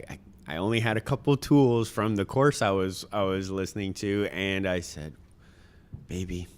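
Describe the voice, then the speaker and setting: A man's voice: low voice, clear, resonant tone. A man in his thirties, a podcast guest, telling a heartfelt personal story in an earnest way with many ums and uhs.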